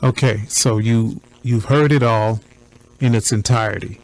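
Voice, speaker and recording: A man commenting on a recording in a deliberate, preacher-like cadence, repeating points for emphasis. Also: on the low side, fairly even intonation, rough recording.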